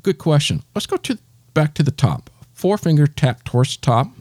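A man's voice: fairly high pitch, very animated, normal speed, darkish tone, breathy edge, no echo. A man hosting a step-by-step tutorial, patiently talking the listener through each gesture. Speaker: tech tutorial host.

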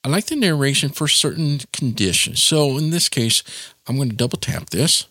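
A man's voice: medium pitch, animated, normal speed, sharp tone, slight background noise. A man giving a casual spoken tutorial in a chatty, informal way, with plenty of asides. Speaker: tech tutorial presenter.

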